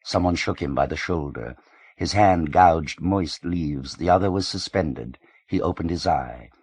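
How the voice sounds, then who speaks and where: Man, audiobook narrator, very deep voice, measured reading, dry close sound. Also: darkish tone, slightly rough, dry recording.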